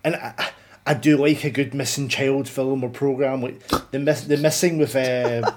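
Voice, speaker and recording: A film podcast co-host with a steady, mid-range voice chats casually about a movie at a normal speed. He rambles, restarts frequently and swears freely.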